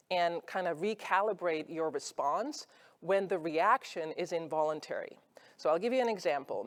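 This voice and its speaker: A woman speaking on stage at an industry event, giving a conversational motivational talk and acting out her own thoughts as examples. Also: on the low side. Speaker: conference speaker.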